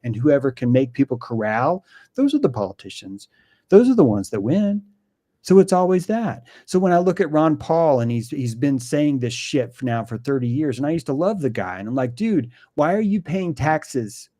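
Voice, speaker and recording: A man's voice: medium pitch, sing-song, moderate pace, warm tone, no echo. Profane ranting man, dry sound. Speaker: guest. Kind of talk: opinionated conversation.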